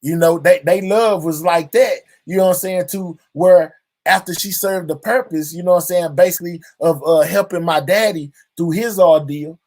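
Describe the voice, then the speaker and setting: A man's voice: high voice, moderate pace, a little mellow. A man hosting his own channel, speaking openly and reflectively to his viewers and filling his talk with constant verbal tics. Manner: drawling, fills nearly every line with "you know what I'm saying". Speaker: channel host. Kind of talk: heartfelt personal monologue to viewers.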